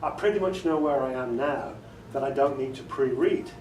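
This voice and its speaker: Recorded from far off in an echoey meeting room with slight background noise, a man with a mid-range, darkish voice speaks at normal speed. His casual audiobook-narration workshop is chatty and self-amused, with frequent laughter and demonstrated inflections.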